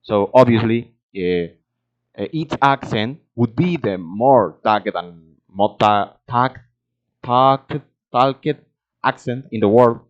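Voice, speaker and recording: Halting man. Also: mid-range voice. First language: Spanish. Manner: halting, hesitant, searching for words. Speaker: language learner vlogger. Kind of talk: casual monologue practicing English. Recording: dull lo-fi recording.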